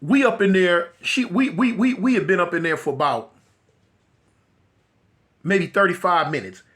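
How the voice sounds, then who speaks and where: A middle-aged man telling a story in a casual, animated way, acting out the voices of the people in it. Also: high voice, moderate pace. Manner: animated, acts out voices, repeats and restarts.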